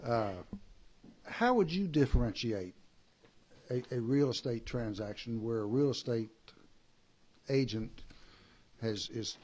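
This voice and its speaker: A man's voice: mid-range voice, a little mellow. A man questioning a witness at a hearing, wry and hesitant. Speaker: legislator asking questions.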